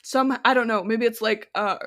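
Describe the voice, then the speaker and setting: A woman's voice: on the high side, normal speed, a bit bright. A woman co-hosting a casual film podcast, rambling and correcting herself with many fillers. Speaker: podcast co-host.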